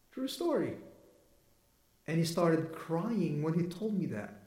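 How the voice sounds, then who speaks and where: A preacher whose voice sits on the high side, sing-song and warm, speaks at a slow pace. Recorded in an echoey room, his conversational sermon tells a personal story, quotes people, and pauses for laughter between points.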